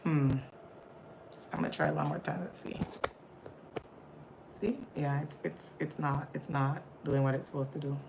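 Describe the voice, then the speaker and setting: Low-voiced woman host talking to viewers into her phone on a casual live stream, flustered and chatty. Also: steady tone, moderate pace, creaky, pauses often, background noise. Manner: chatty, flustered, often addresses viewers as y'all. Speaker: livestream host. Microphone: phone camera.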